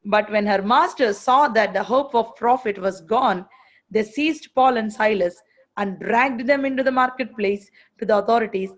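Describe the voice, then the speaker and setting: Emphatic woman preacher, higher voice. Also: lo-fi sound. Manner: emphatic, repeats phrases, asks rhetorical questions. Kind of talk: sermon.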